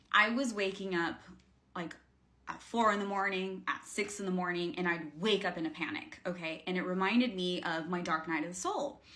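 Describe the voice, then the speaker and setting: A woman's voice: on the low side, fairly bright tone. A woman coaching viewers in a casual, rambling vlog, speaking earnestly with lots of fillers and restarts. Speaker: spiritual coach. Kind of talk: casual talking-to-camera vlog.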